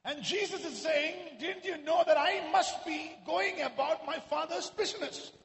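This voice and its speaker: A man preaching a sermon to a congregation in a church, at times raising his voice to a shout. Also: very high-pitched, a little slow. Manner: rises to shouting exclamations. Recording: echoey hall.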